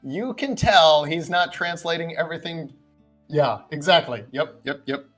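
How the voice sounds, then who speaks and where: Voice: medium pitch, normal speed, fairly bright tone, soft background music. Laid-back game master, conversational narration, streamed tabletop game.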